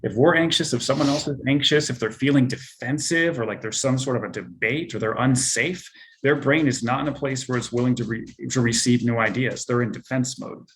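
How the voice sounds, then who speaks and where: A man presenting a persuasion training session, speaking softly and in a relaxed way on purpose, with many exploratory questions. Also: medium pitch. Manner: deliberately soft-spoken and relaxed. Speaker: sales and communication trainer.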